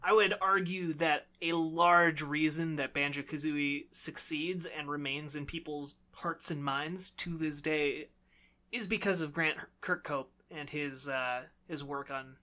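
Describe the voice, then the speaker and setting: Bright, teasing podcast co-host man. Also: on the high side, fairly even intonation, a little slow. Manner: playful, teasing, argumentative. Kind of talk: casual chat.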